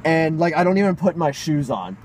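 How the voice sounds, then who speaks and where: A man's voice: fairly high pitch, very animated, fairly quick, a little mellow, husky, low-quality recording. Young man narrating in a rush. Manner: breathless run-on narration, profane. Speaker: podcast co-host. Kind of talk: casual storytelling chat.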